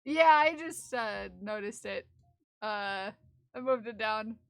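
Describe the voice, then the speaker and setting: A woman's voice: fairly high pitch, expressive, slow pace, vocal fry, clear, resonant tone, dry recording, studio quality. A woman streamer chatting casually with her viewers, reading their messages aloud and laughing often. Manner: chatty, giggly, reads chat aloud. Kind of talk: casual live-stream chat.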